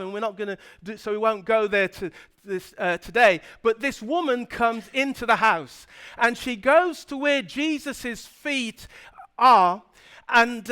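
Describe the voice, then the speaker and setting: A male pastor retelling a story in a sermon in a church, animated, with frequent restarts. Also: very high voice, clear, resonant tone.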